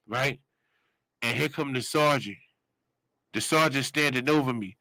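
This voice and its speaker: A man's voice: a little slow, no room sound, poor audio. A man in his forties telling a story in casual street slang, rambling and acting out other people's voices. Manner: animated, acts out quoted voices with sudden high yells.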